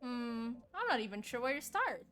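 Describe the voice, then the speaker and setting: A woman's voice: a little high, very animated, moderate pace, fairly bright tone, soft background music. A woman voicing a courteous, chatty café barista in a game, speaking earnestly. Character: polite barista running a café. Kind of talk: streamer voicing game dialogue.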